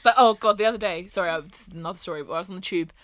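A young woman, co-hosting a casual chat and telling a story in an animated way, acting out the people in it. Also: fairly low pitch, rapid-fire, no echo. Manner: animated storyteller, acts out quoted voices, laughs often. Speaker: podcast co-host.

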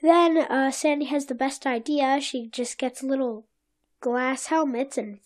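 A woman's voice: high voice, fairly even intonation, measured pace. A woman co-hosting a podcast, recounting a cartoon episode in blunt, offhand bits during casual chat. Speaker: podcast co-host.

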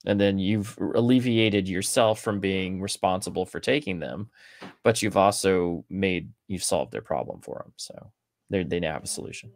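A man with a low voice works through an idea out loud, restarting sentences as he goes. He sounds like a podcast co-host explaining a point. The sound is dry and close. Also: moderate pace, no echo. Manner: explanatory, thinks aloud with restarts. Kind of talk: casual book discussion.

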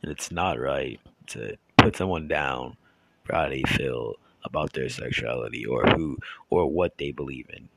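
A man talking straight to his channel's viewers in a casual monologue, rambling and halting with many restarts and trailing asides. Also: rumbling low, vocal fry, heavy background noise. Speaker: YouTuber.

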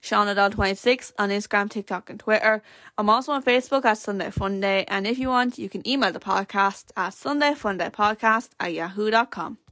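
A woman's voice: mid-range voice, fairly quick, a bit bright. A teenage Irish girl hosting her own podcast, rambling chattily with lots of fillers. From Ireland. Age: teens. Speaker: podcast host. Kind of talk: casual solo podcast chat.

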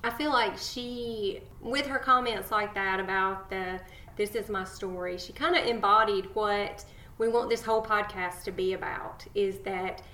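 Earnest woman cohost on a faith podcast, mid pitch, roomy echo around her. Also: steady tone, a little slow. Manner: earnest, affectionate, warm praise of guests. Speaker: podcast co-host. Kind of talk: casual faith podcast chat.

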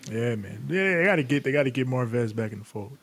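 A man's voice: medium pitch, lively intonation, quick pace, fairly bright tone, slight background noise. A young man co-hosting a casual wrestling podcast, laid-back and swearing freely. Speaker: podcast co-host.

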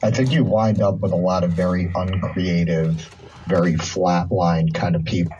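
A man with a raspy voice giving blunt opinions in an interview, heard from a played clip. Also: low-pitched, fairly even intonation, moderate pace, mellow, dull audio, a little hiss or hum.

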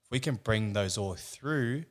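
A man's voice: lowish voice, animated, measured pace. A man who is a bodybuilder, talking reflectively in casual podcast chat with many "you know"s. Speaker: guest, bodybuilder.

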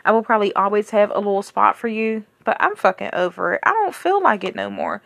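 A woman's voice: mid-range voice, sing-song, brisk, creaky, fairly bright tone, no echo. A young woman hosting a podcast, bluntly and profanely venting about a relationship in candid storytelling. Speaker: podcast host.

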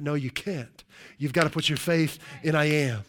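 Pastor, male, slightly high pitch, emphatic sermon delivery with stretched key words. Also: a bit bright. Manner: emphatic preaching with drawn-out key words and frequent "right?".

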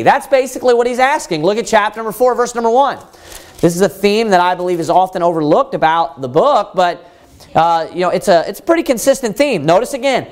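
A man's voice: high-pitched, expressive, fast. A man preaching a Bible teaching sermon, pressing his point with emphatic rhetorical questions and frequent fillers.

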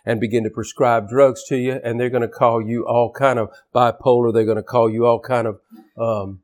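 A man's voice: mid-range voice, flat delivery, normal speed, a little mellow. Man preaching an emphatic sermon. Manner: emphatic preaching, with repeated words and restarts. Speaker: pastor.

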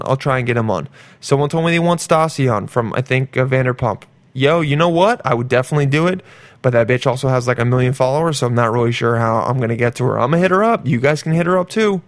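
A man's voice: medium pitch, dry recording. A young man hosting a podcast, giving a profane, swaggering, pumped-up solo rant to his listeners. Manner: profane, swaggering, pumped-up preaching with sudden loud jumps. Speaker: podcast host.

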